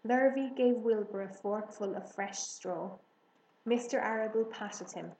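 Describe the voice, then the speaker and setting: A woman narrating a children's storybook in a measured, gentle manner. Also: on the high side. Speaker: audiobook reader. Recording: roomy echo, faint hiss.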